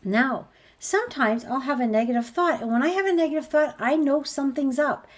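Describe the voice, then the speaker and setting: A woman's voice: sits high, a little fast. A woman, a spiritual healer, giving an earnest motivational talk, stacking rhetorical questions as she promotes her course.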